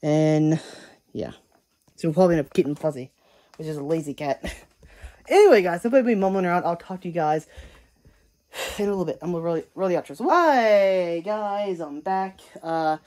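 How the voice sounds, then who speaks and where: A woman's voice: fairly low pitch, expressive, brisk, long pauses, mellow. A woman vlogging casually at home, chatting in a rambling way and talking to her cats, recorded on a handheld camera. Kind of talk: casual vlog chat.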